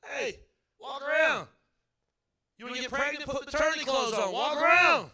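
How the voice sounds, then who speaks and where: Middle-aged guy preaching in church, really high voice, gets the crowd to repeat after him, yells sometimes. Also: animated, moderate pace. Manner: fervent preaching with call-and-response, at times shouting. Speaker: pastor. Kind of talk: sermon. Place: church sanctuary.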